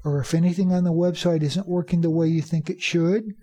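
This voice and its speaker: A man's voice: a little high, fairly even intonation, mellow, breathy edge. Man teaching pronunciation in a podcast. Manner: slow, emphatic model sentences; plain, encouraging talk to listeners. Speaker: teacher trainer.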